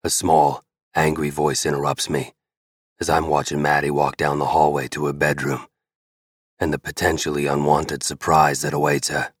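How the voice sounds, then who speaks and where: A man's voice: a bass voice, little pitch movement, moderate pace, husky, no room sound, clean studio sound. A man narrating a romance audiobook in the first person, blunt and swearing freely.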